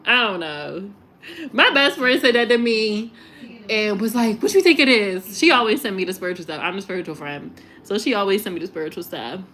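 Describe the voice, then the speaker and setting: Animated, laughing woman streamer. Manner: animated, laughing, swearing, mocking; settles low and slow when signing off. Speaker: tarot reader and live streamer. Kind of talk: casual live-stream chat.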